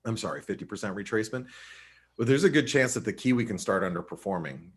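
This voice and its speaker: A man's voice: on the low side, expressive, fast talker, husky. A man giving a casual live webinar on currency charts, chatty and full of restarts. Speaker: forex market analyst.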